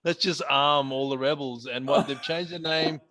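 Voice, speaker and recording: A man co-hosting a podcast in casual chat, an animated storyteller who laughs often. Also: on the high side, moderate pace. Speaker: podcast co-host.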